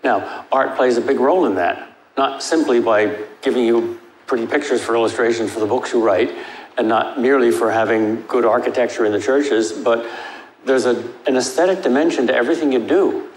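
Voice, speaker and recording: An older man answering audience questions after a lecture, emphatic and wry, his pitch jumping up for stress. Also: fairly quick. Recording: echoey hall with faint noise.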